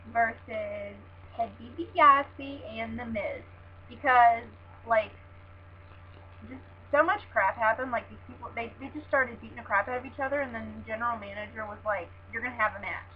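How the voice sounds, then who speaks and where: A woman's voice: fairly high pitch, a little slow. A young woman recapping wrestling in a casual, gushing, chatty way, with lots of "like" and "oh my God". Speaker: wrestling fan vlogger. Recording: dull lo-fi sound with faint hum.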